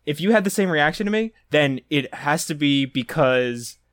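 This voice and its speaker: A man's voice: fairly high pitch, moderate pace, no room sound, studio quality. A young man hosting a podcast, telling rambling stories in casual chat. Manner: rambling storyteller, animated when retelling scenes. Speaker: podcast host.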